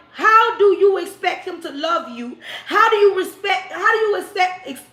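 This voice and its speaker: A woman hosting a livestream, giving relationship advice in an emphatic, scolding, preachy way that often rises to shouting. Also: extremely high pitch. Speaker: livestream host. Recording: roomy echo.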